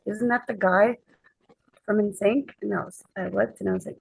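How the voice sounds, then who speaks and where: Woman chatting on a podcast, a bit of fry in her voice, acts out the quotes in her story. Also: medium pitch, moderate pace, no room sound, rough recording. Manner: lively anecdote-telling, acting out quoted dialogue. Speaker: podcast guest. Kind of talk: casual storytelling chat.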